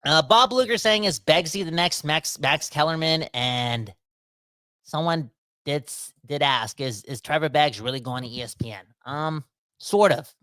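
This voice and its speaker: Rambling podcast host, bright dry voice. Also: male voice, a little high, a little slow, no echo. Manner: rambling, self-interrupting, animated. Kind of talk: casual sports podcast talk.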